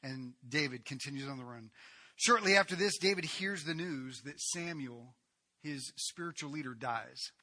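A man preaching a sermon, retelling a Bible story in a lively way with casual asides. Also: medium pitch, moderate pace.

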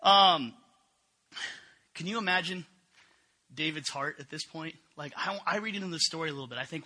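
A man's voice: sits high, moderate pace, pauses often, bright, forceful tone, husky. A middle-aged man preaching a sermon in a conversational way, often asking the congregation questions. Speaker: pastor.

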